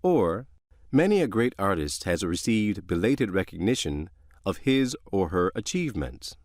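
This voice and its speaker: A man reading vocabulary definitions aloud with example sentences, in a measured, deliberate way. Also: low voice, very animated, dry recording, studio quality. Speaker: narrator reading word definitions.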